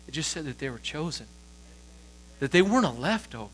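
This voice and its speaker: A man's voice: big pitch swings, fairly quick, poor audio. A man in his thirties preaching a sermon in church. He talks in a conversational way and asks the crowd questions, then answers them himself. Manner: rises high and loud when acting out lines. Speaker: pastor.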